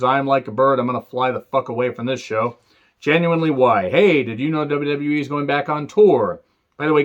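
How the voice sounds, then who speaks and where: A man reviewing a wrestling show in a casual, profane rant, sarcastic and dry, with sudden sharp outbursts. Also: medium pitch, dull audio.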